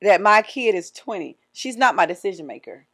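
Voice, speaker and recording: A woman's voice: mid-range voice, sing-song, moderate pace, fairly bright tone. A woman in her forties co-hosting a podcast, talking in a casual, earnest and reflective way, often restarting her sentences. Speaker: podcast co-host. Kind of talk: casual chat.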